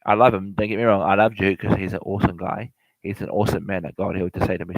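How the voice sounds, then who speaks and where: A man's voice: sits low, little pitch movement, quick pace, dry recording, low-quality recording. A man giving property investment advice in a rambling, repetitive way, often correcting himself and speaking straight to the listener. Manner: repetitive, self-correcting, addresses listener directly. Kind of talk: rambling informal lecture.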